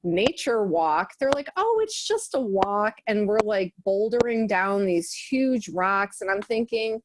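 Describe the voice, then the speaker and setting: A woman on a group video call who tells a story with lively energy and laughs often. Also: medium pitch, slight background noise, low-quality recording. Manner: animated, laughs often while telling stories. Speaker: book study participant.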